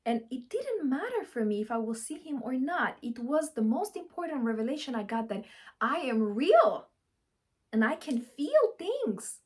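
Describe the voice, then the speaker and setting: A young woman coaching viewers through a breakup in an expressive, laughing way, acting out her own past thoughts. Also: high-pitched, moderate pace, breathy edge. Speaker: relationship coach. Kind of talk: advice vlog talking to camera.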